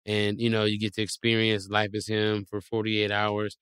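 Animated man spinning playful theories. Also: fairly low pitch, moderate pace, clean tone, no echo, clean studio sound. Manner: animated, playful storytelling with exaggerated quoted voices. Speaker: guest. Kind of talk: casual comedic conversation.

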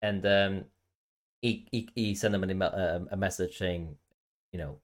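A deep-voiced man co-hosts a podcast at a moderate pace, chatting casually and rambling with many fillers and restarts.

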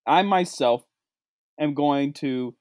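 A man delivering a sarcastic comedic rant, swinging between low mutters and high outbursts. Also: slow pace, darkish tone, dry recording, clean studio sound. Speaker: comedic vlogger.

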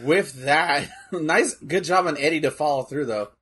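A young man chatting casually while watching wrestling, animated and rambling, with lots of fillers and swearing. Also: on the high side, a little slow, breathy edge. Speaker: co-commentator.

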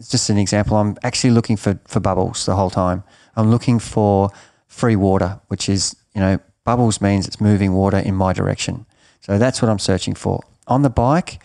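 A man's voice: fairly low pitch, darkish tone, dry recording, clean studio sound. A middle-aged man giving emphatic coaching advice in an interview, often repeating and restarting his words. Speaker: triathlon coach.

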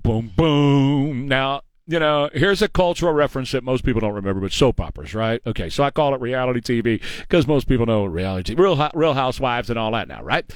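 A man's voice: mid-range voice, clear, resonant tone, dry recording, studio quality. A man hosting a talk radio show, blunt and mocking in his opinions. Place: radio studio. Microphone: studio microphone.

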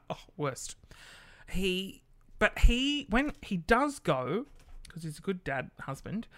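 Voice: mid-range voice, a bit bright. A podcast host telling a casual story, chatty and loose, swearing freely and acting out the people in it.

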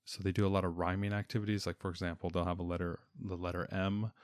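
During a casual podcast chat, a homeschooling father talks about a reading program, frequently restarting and repeating words. His voice is low with little pitch movement and he talks fast, recorded dry and clean in a studio.

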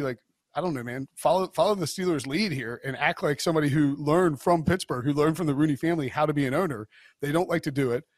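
A man with a fairly high voice co-hosts a sports betting podcast, offering blunt opinions in a rambling, casual way. He restarts often and leans on fillers. The recording is dry and clean, with studio sound.

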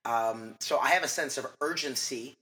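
A man as a mindset coach guest in a casual interview, talking fast and rambling with lots of "like" and restarts. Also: medium pitch, pushed and bright.

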